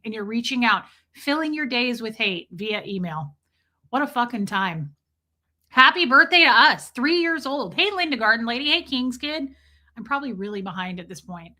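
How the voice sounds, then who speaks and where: A woman's voice: fairly high pitch, expressive, moderate pace, sharp tone. A woman hosting a casual live stream, chatting loosely with viewers, greeting them by name and swearing freely.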